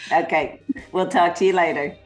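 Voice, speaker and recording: A woman hosting a podcast, encouraging and affirming her guest in casual conversation. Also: fairly low pitch. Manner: encouraging, affirming, frequent yeahs. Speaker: podcast host.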